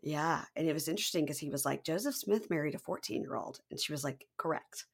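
A woman's voice: low-pitched, quick pace, creaky, breathy edge. A woman co-hosting a podcast, chatting casually and acting out the people she quotes. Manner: animated, acts out quoted people. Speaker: podcast co-host. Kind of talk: casual chat recapping a reality show.

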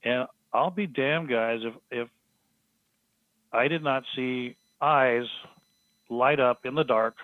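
A man telling a story as a podcast guest, halting with frequent restarts and fillers. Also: medium pitch, dry recording. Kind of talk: storytelling in casual conversation. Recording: tinny phone-line sound, dry.

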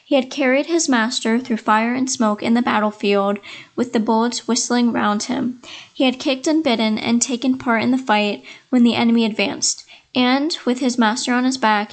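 A woman telling a fairy tale in a measured, expressive storytelling voice. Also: fairly high pitch. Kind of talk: scripted fairy-tale narration.

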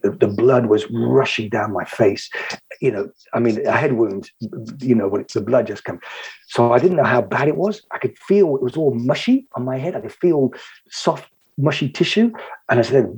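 A man with a very husky, raspy voice tells a personal story at a middling pitch. He speaks haltingly, repeating words and phrases to drive home each moment. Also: low-quality recording.

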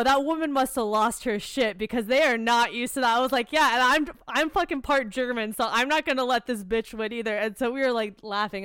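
A woman's voice: a little high, fairly bright tone, clean tone, no echo, studio quality. A young American woman, co-hosting a podcast, tells a heated, profane story in casual chat. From United States. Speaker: podcast co-host.

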